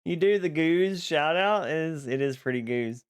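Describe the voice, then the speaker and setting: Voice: mid-range voice, animated, normal speed, clean tone. Bubbly streamer with a swooping voice. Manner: bubbly, greets chat by name, laughs often. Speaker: live streamer. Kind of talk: casual live-stream chat with viewers. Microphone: boom mic.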